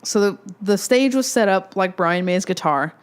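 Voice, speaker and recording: Smooth-voiced young woman, excitable storyteller. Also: mid-range voice, normal speed. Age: 20s. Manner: excitable, rambling fan storytelling. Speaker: podcast host. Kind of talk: casual solo podcast storytelling.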